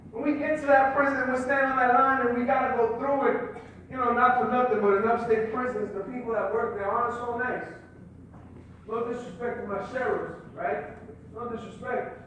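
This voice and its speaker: A middle-aged man, a social worker, giving a motivational speech and telling stories with passion that rises to loud emphasis. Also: very high voice, fairly even intonation, normal speed. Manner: impassioned storytelling, rising to loud emphasis. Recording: very echoey hall, distant mic, faint noise.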